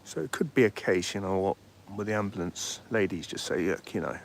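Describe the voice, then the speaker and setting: A man talks in a loose, rambling way, chatting to his viewers and reading their comments aloud. His voice sits on the low side. He is outdoors by a street, with faint traffic noise behind him. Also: animated, a little fast. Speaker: livestream host. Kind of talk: casual live commentary.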